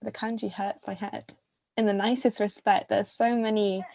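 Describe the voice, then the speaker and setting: A woman's voice: medium pitch, level tone, normal speed, gravelly, mellow, dry recording. A bubbly English woman in her twenties hosting a casual video chat, gushing and talkative. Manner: chatty, bubbly, gushing compliments. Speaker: host.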